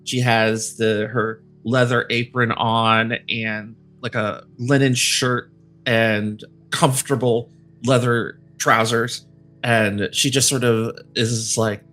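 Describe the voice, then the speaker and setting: A man's voice: medium pitch, level tone, slow, bright, forceful tone, faint music behind. A man narrating a tabletop game as game master, in a casual, rambling way with many fillers.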